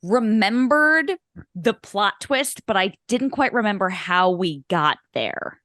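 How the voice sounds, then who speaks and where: A woman's voice: mid-range voice, lively intonation, slow pace, fairly bright tone, no room sound, studio quality. A woman co-hosting a casual movie podcast, blunt and teasing, wandering into side stories. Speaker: podcast co-host.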